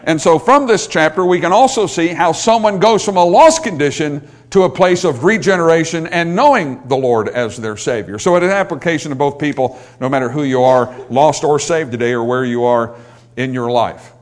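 A man's voice: fairly high pitch, normal speed. A male pastor preaching a sermon, building in intensity and pleading when he quotes scripture.

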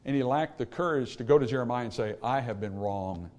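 A male pastor preaching a sermon, swinging from quiet explanation to loud emphatic calls to the congregation. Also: mid-range voice, brisk, heavy background noise.

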